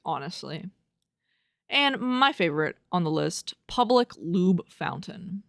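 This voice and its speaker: A woman's voice: lowish voice, no room sound. Incredulous woman podcaster, dry sound. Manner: incredulous, profane, laughing at what she reads; reads review quotes aloud and riffs on them. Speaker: podcast host. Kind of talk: casual solo podcast commentary.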